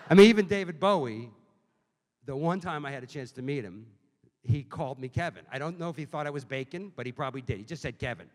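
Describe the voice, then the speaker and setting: A middle-aged man from spins profane comic stories at a live book event. His pitch swings widely as he tells them, a little high for a man. The sound carries the long reverb of a large hall. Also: fast talker. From Boston. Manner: profane, animated anecdotes with put-on voices. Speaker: author guest.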